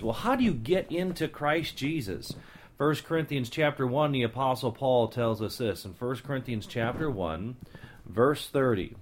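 A man's voice: medium pitch, expressive, moderate pace, a little hiss or hum. Emphatic man preaching from scripture. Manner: emphatic, repeats key phrases; conversational asides and fillers. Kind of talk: Bible teaching sermon.

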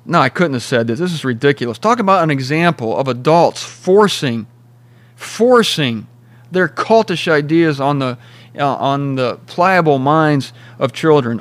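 A man's voice: fairly high pitch, animated, moderate pace. A man hosting a rambling, sarcastic solo commentary from a cheap small studio, mocking and self-deprecating. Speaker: host.

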